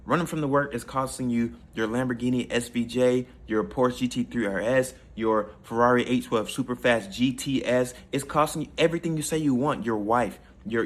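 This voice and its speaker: Husky man preaching self-improvement. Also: mid-range voice. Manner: preachy, repetitive, addresses listeners as fellas. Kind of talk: motivational monologue.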